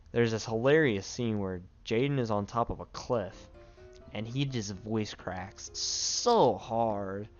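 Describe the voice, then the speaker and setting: A man's voice: fairly low pitch, darkish tone, highs cut off. A man giving casual, rambling commentary on movies, offhand and amused, with restarts. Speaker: movie reviewer. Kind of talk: casual spoken film commentary.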